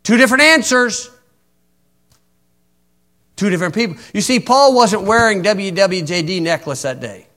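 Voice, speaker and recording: A man's voice: high voice, animated, moderate pace, pauses often, pushed and bright. A man preaching a sermon in a folksy, wry way, reciting old-style scripture and poking fun at opponents.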